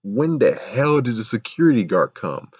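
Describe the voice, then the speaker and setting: A man's voice: medium pitch, sing-song, moderate pace, a little mellow, husky, no room sound, muffled recording. A man ranting casually and with exasperation in a show review, rambling and swearing often. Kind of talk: casual video review rant.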